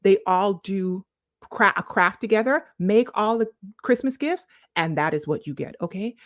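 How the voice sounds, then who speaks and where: With a medium-pitched voice at a moderate pace, this woman, a lifestyle vlogger, gives a casual pep talk to camera. She leans preachy, calls viewers "boo-boo" affectionately, and draws out words to stress them; the lo-fi recording has no room sound.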